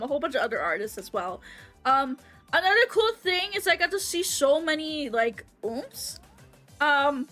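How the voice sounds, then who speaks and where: A woman streamer chatting casually to her livestream audience, animated and excitable, swearing freely and laughing often. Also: high-pitched. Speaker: VTuber streamer.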